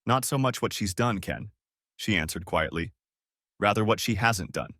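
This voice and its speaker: A man's voice: low-pitched, moderate pace, a bit bright, dry recording, clean studio sound. A male narrator voicing a frantic, insistent female friend who talks bluntly and with exasperation, in an audiobook reading. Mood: exasperated. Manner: pressing, exasperated.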